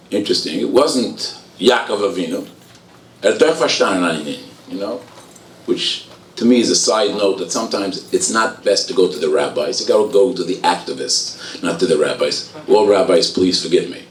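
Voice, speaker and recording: A man with a very deep voice addresses an audience as a rabbi, firing off rhetorical questions one after another and slipping in wry jokes at his own expense. He is heard from a distance in a roomy hall, with faint ambient noise behind him. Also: animated, normal speed. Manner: wry, self-deprecating asides. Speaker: rabbi giving a speech. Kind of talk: public speech at an event.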